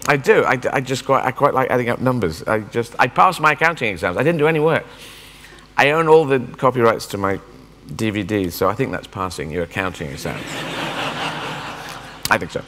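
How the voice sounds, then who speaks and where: A man's voice: mid-range voice, animated, a little fast, a bit bright, a little hiss or hum. A man in his fifties giving a rambling, self-mocking stand-up keynote at a conference. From England. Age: 50s. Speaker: guest speaker. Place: large conference hall. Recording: long reverb of a big hall.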